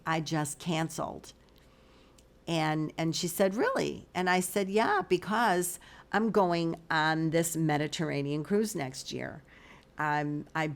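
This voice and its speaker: A middle-aged woman and spiritual life coach, telling a story in a chatty, casual way and acting out both sides of the conversation. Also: deep voice. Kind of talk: casual motivational monologue.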